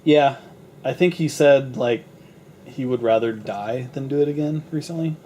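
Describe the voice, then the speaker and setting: A man's voice: medium pitch, normal speed, warm tone, slight background noise. A young man co-hosting a casual movie review chat, easygoing and agreeable.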